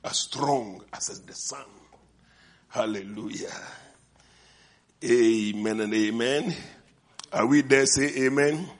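Older guy preaching w an accent, husky voice, lots of amen and amen. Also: medium pitch, fairly even intonation. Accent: non-native English accent. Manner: call-and-response, repeated "amen and amen", drawn-out emphasis. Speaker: visiting preacher. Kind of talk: sermon.

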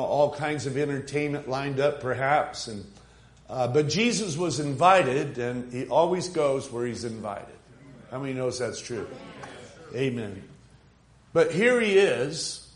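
A male preacher of ordinary pitch retells a Bible story to his congregation. He talks conversationally, with plenty of fillers and rhetorical asides. His voice rings with noticeable room echo. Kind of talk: sermon storytelling. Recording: echoey room.

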